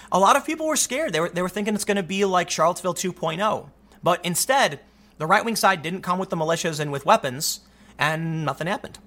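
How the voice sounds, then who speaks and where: Animated, high-pitched sarcastic male commentator. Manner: animated, sarcastic, mocking impressions. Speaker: political commentary host. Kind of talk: reading and reacting to a news article.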